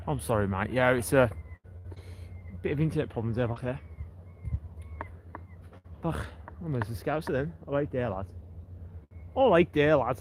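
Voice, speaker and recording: A man's voice: fairly high pitch, slight background noise, poor audio. A man, hosting a casual walking livestream by the sea and chatting to his viewers by name. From England. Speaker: livestream host. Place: outdoors on a seaside breakwater.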